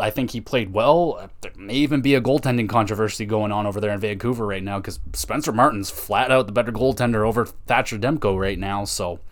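A young man with a somewhat low voice hosts a casual sports podcast. He rambles excitably, swears freely and drops "dude" and "man" everywhere. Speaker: podcast host.

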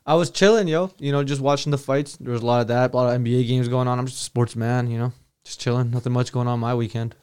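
A young man co-hosting a casual podcast, teasing his friends in quick banter. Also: medium pitch, steady tone, a little mellow, clear, resonant tone. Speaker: podcast co-host. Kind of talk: casual chat.

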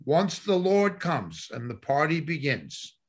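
A man's voice: a little high, very animated, slow. A man preaching a Bible study sermon, driving his points home with emphatic repetition. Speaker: Bible teacher. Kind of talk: sermon teaching.

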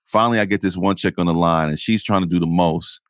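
A man's voice: deep voice, fairly even intonation, fast, no echo, clean studio sound. A man in his forties, a podcast co-host telling a heated, profane story in casual chat. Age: 40s.

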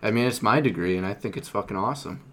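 A man's voice: fairly low pitch, fast talker. A young man, a recurring podcast guest, talking casually with frequent swearing and laughter. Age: young adult. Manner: profane, laid-back, laughs often. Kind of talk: casual chat.

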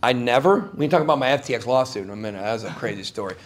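Racing and animated, a medium-pitched man tells a story as an interview guest in front of a live audience. He rambles emphatically, and his voice spikes sharply when he gets heated.

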